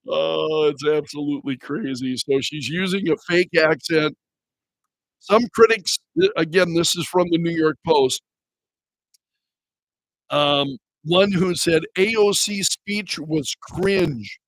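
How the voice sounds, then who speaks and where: A sarcastic talk radio host, a man with a high voice who keeps laughing at what he reads. He speaks into a studio microphone with a dry, close sound and no room echo. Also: animated, unhurried, a bit bright.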